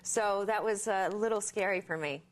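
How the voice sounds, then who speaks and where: A woman's voice: mid-range voice, normal speed. A woman from Australia, an actress guest on a late-night talk show, telling funny anecdotes in a chatty, self-mocking way with frequent laughs. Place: TV studio. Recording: noisy VHS broadcast tape.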